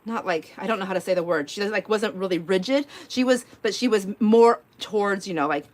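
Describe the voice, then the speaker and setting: A middle-aged woman with a medium-pitched, brisk voice hosts a live crafting stream from home. She chats casually while crafting, telling a rambling story full of fillers and giggles.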